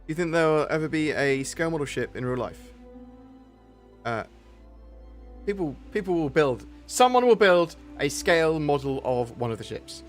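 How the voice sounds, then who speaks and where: A man's voice: on the high side, very animated, normal speed, soft background music. A man answering viewer questions on a live stream in a rambling, candid way, with some mild swearing.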